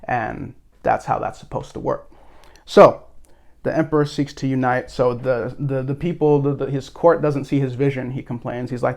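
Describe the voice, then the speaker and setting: Gravelly-voiced man rambling casually. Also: medium pitch, steady tone, moderate pace. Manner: rambling, tongue-in-cheek. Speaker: video host. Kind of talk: casual movie talk.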